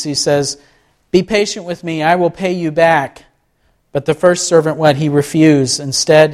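A man's voice: mid-range voice, darkish tone. A man giving a conversational sermon, asking the listeners rhetorical questions and often restarting his phrases. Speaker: pastor.

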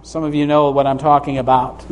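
A middle-aged man preaching a sermon in a church, earnest, slowing down to read scripture and lifting his voice for emphasis. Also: flat delivery, slight background noise. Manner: earnest, rises in pitch for emphasis, reads scripture slowly. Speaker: pastor. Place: church sanctuary.

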